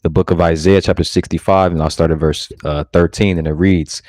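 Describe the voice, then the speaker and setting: A man with a very low voice, teaching from scripture. He reads the verses slowly and keeps asking "all right?" between them. The sound is close and dry. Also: fairly even intonation, a little mellow, dry recording. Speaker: preacher. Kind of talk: street-style scripture teaching.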